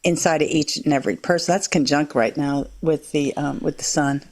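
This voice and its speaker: Playful rambling woman, lowish voice. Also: fairly even intonation, brisk, a little mellow. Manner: playful, rambling, trails off mid-thought. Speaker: show co-host. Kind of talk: casual group chat.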